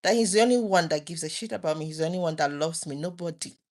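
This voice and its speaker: A woman in her thirties with a fairly low voice speaks to her viewers in a late-night personal talk. She is earnest and openly emotional, and she often breaks off and restarts her sentences. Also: fast talker, a little mellow. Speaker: vlogger.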